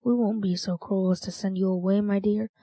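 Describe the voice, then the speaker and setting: A woman's voice: mid-range voice, fairly even intonation, brisk, warm tone, no room sound, lightly acted. A woman reading a sly, wheedling old thief. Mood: coaxing. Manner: bantering, coaxing, with sudden warnings.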